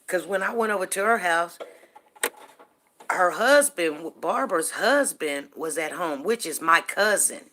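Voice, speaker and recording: A middle-aged woman hosting a show, casually telling a personal story to her viewers, animated and repeating herself as she talks to them directly. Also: lowish voice, moderate pace, a little hiss or hum. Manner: animated, repeats words, asks listeners "you know what I'm saying".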